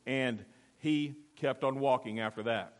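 A man's voice: medium pitch, measured pace. A male pastor delivering a sermon in a church, telling a story and drawing amens from the congregation. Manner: storytelling, emphatic, call-and-response. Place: church sanctuary. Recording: long hall reverb.

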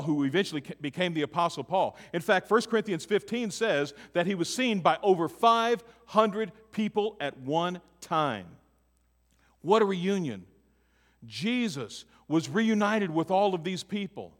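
A man preaching a sermon. His delivery swings between loud emphatic lines and hushed, near-whispered ones. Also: on the high side. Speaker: pastor. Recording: long hall reverb.

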